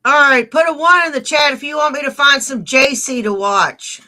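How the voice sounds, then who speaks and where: A woman hosts a relaxed live stream in a bright, sharp voice. She greets viewers and donors by name. She tosses out blunt, teasing jabs. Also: high-pitched, normal speed. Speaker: livestream host. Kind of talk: casual live-stream chat.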